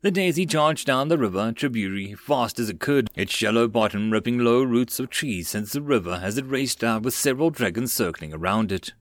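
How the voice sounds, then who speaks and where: A man narrating a web novel audiobook in a steady reading voice. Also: medium pitch, fairly quick, hardly any pauses, no echo.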